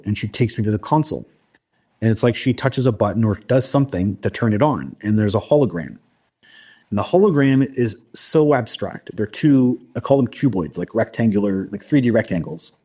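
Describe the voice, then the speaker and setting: Guy with a low husky voice telling his story, lots of restarts and fillers. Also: dark tone. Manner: halting, many restarts and fillers. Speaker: guest recounting an abduction experience. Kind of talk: casual storytelling interview.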